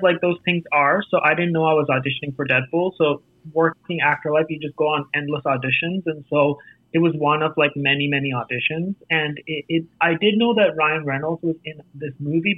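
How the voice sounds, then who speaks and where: A man with an American accent, an actor telling stories about his career in a casual interview, animated and acting out quoted voices. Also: on the high side, no echo. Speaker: actor and festival jury guest. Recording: tinny phone-like line.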